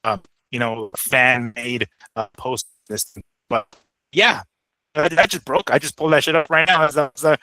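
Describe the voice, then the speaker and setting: A man co-hosting a boxing talk show, relaxed, reading the news aloud in casual chat. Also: medium pitch, moderate pace, no echo, rough recording. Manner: relaxed, reads news aloud, laughs easily.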